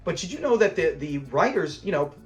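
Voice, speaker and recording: A man with a high-pitched voice talks through a classic sitcom episode in a loose, chatty way. He sounds enthusiastic and breaks into laughter as he recaps favourite moments, with faint music under him. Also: big pitch swings, a little fast. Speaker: show review host. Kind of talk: casual episode breakdown commentary.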